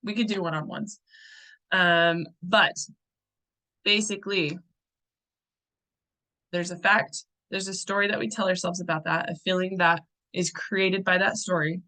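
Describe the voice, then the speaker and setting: A woman's voice: on the low side, fairly even intonation, measured pace, long pauses, sharp tone, rough recording. A young adult woman coaching a group in a casual teaching talk. She sounds chatty and loose, with fillers and restarts.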